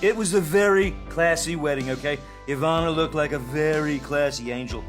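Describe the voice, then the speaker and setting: A man's voice: fairly high pitch, lightly acted. An actor playing a boastful tycoon narrating his memoir chapters, crude and bragging. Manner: crude bragging, slow and deliberate. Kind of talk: chapter narration in a parody film. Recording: narration over loud music.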